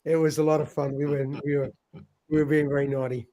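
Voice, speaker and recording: Talking a little fast, a middle-aged man runs a laid-back livestream, calling out viewers by name and reading their comments. His voice sits somewhat high for a man, and he chats freely, laughing often and stumbling over repeated words.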